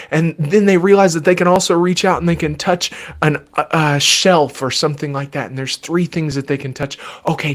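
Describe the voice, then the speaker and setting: A man who is a child therapist and podcast host, giving patient, gentle advice in a live Q&A from his desk at home. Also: on the high side. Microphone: desk microphone.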